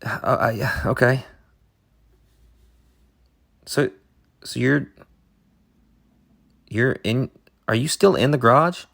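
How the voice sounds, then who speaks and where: A man co-hosting an improvised comedy podcast, rambling in halting, absurd deadpan. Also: medium pitch, vocal fry. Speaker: podcast co-host.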